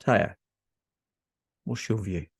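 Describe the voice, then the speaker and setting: A man's voice: lowish voice, takes it slowly, breathy edge, dry recording, studio quality. A man co-hosting a talk podcast, upbeat and chatty, laughing often. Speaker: podcast co-host. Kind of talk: casual chat.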